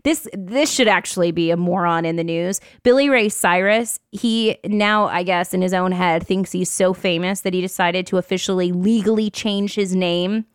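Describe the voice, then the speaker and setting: Bubbly woman podcast host, smooth voice. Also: lowish voice, normal speed, few pauses, no echo, clean studio sound. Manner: bubbly, laughs often, reads out social posts. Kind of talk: casual chat.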